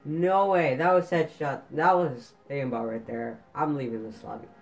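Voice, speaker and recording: Ranting frustrated man with raised pitch. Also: moderate pace, low-quality recording. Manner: ranting, exasperated, repeats complaints. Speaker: gaming video host. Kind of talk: frustrated gameplay commentary.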